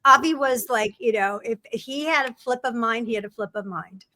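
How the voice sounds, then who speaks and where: A middle-aged woman, a guest in an interview, telling stories about her career in an animated way and acting out the people she quotes. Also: on the high side, normal speed, no echo. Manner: animated storyteller, acts out quoted people, laughs often. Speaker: film writer and producer guest. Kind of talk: conversational interview storytelling.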